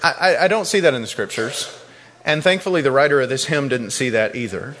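A man's voice: medium pitch, a little fast, fairly bright tone. A man preaching a sermon in a church, earnest and repeating words when he stresses a point. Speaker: pastor. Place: church sanctuary. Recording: long reverb in a large hall.

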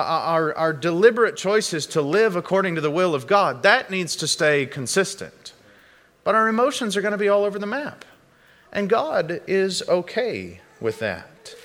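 A man's voice: medium pitch, fairly bright tone, long reverb tail. A male pastor preaching a sermon in an earnest, conversational way, often repeating and restarting phrases.

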